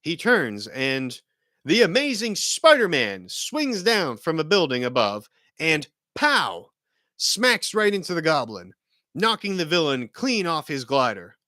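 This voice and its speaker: Lively, bright-voiced man reading a script. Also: a little high, a little slow, dry recording, studio quality. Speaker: host reading a film script.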